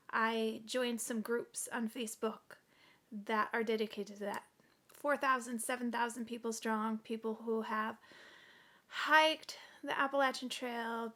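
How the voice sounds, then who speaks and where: A woman in her forties talking earnestly to camera in a casual home vlog, halting now and then with fillers. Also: on the high side, vocal fry, fairly bright tone. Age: 40s. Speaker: vlogger. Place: indoors at home.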